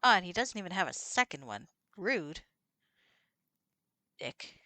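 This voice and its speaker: A woman's voice: lowish voice, very animated, unhurried, bright, forceful tone, no room sound. A woman streaming a computer role-playing game, chatting casually, swearing and reading out the characters' lines. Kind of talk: casual let's-play chat with read-aloud dialogue.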